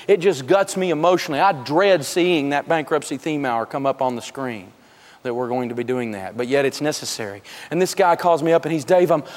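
A man with a bright, high-pitched voice leads a live money class, an animated storyteller who chuckles through his own jokes. His voice carries a long reverb, as if it were filling a big lecture hall. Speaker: personal finance teacher and radio host. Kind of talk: humorous live seminar teaching.

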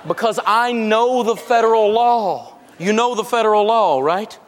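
A man with a bright, high-pitched voice leads a live money class, an animated storyteller who chuckles through his own jokes. His voice carries a long reverb, as if it were filling a big lecture hall. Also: a little slow, background noise. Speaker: personal finance teacher and radio host. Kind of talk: humorous live seminar teaching.

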